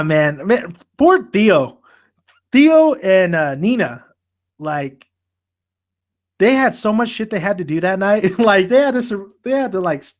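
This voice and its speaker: Male podcast host, casual anime chat, fairly high voice, animated, profane, mimics characters.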